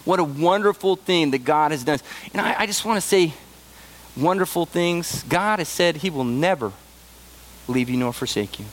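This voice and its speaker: A man preaching a sermon in a high voice. He talks earnestly and emphatically, climbing into excited bursts and then falling back to soft, low asides. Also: normal speed. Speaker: pastor.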